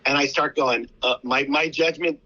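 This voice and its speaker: Bright-voiced man telling a story on radio. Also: medium pitch, moderate pace, no echo, lo-fi sound. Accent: American. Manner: animated storyteller, many restarts. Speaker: charity founder, guest. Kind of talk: radio interview.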